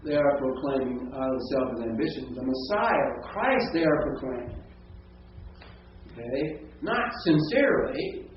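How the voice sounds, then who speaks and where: Man, seminary professor lecturing, keeps asking "right?", boomy room, heard from afar. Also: lively intonation, measured pace. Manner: explanatory, checks in with frequent "right?" and "okay?". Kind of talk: classroom lecture. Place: lecture classroom. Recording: distant, echoey, muffled classroom recording with faint hiss.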